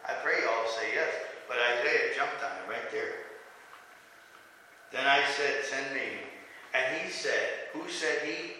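A man's voice: mid-range voice, a little slow, sharp tone, recorded from a distance, slight background noise. A man preaching a conversational sermon in a church, putting rhetorical questions to the congregation. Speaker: pastor. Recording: echoey hall.

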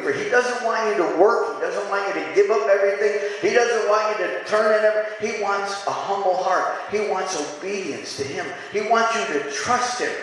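A man preaching in a church sanctuary, his fairly high voice ringing through a long, hall-like reverb. He drives his points home with repetition and calls the congregation to answer back. Faint room noise hangs behind him. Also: fairly bright tone. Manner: preaching with call-and-response, repeating lines for emphasis. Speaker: pastor. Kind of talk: sermon.

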